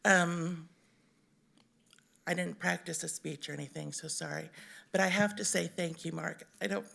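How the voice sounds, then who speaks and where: A woman from Missouri giving an unprepared, emotional public comment at a city council meeting, halting with many ums. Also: on the low side, fairly even intonation, gravelly, fairly bright tone. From Missouri, USA. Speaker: resident speaking in public comment.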